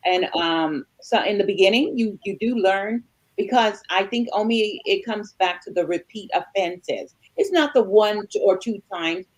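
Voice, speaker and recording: A woman in her sixties, a married panelist, telling a story with animated back-and-forth dialogue and calling her listeners y'all. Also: medium pitch, a little slow, poor audio. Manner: animated, acts out both sides of conversations, addresses listeners as y'all. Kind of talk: storytelling chat.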